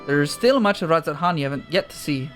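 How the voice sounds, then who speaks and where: A man voicing a courteous, formal host in a game, reading quickly in a lower voice. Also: lively intonation, faint music behind, natural voice. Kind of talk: reading game dialogue aloud.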